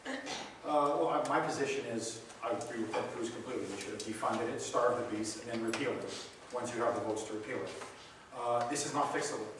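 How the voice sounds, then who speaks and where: Give me a passionate host preaching in an echoey hall. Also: male voice, mid-range voice, fairly quick, noisy background. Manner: passionate, preachy storytelling with rising emphasis. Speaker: radio talk show host giving a keynote talk. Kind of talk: answering audience questions at a seminar. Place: large meeting room. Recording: echoey hall, recorded from far off.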